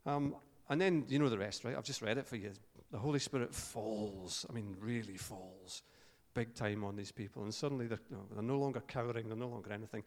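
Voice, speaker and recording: A man's voice: on the low side, fairly quick, hardly any pauses. A Scottish man preaching an informal sermon, chatty and joking, with fillers and restarts. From Scotland. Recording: long hall reverb.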